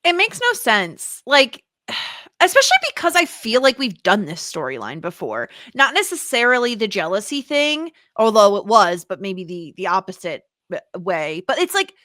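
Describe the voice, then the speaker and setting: A woman co-hosting a podcast, talking in an animated, exasperated rush with lots of fillers and casual swearing. Her voice is bright and forward, and the sound is dry and close with almost no room around it. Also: medium pitch, normal speed, dry recording. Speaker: podcast co-host. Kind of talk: casual chat.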